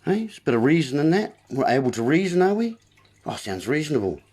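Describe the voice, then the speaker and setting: A man's voice: on the high side, sing-song, quick pace, a little mellow. A man hosting a livestream, giving a rambling, preachy wordplay monologue with asides to his viewers. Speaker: livestream host.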